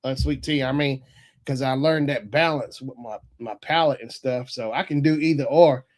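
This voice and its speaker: A man from North Carolina, hosting a casual live stream in a relaxed, rambling way and often chuckling as he reads chat aloud. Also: medium pitch, normal speed. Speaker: livestream host reading chat.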